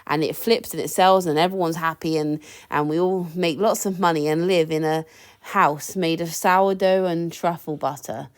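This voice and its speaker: A woman's voice: fairly low pitch, steady tone, normal speed. A young woman chatting casually about secondhand finds for a thrifting vlog, laughing and using slangy asides. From England. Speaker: secondhand clothing reseller.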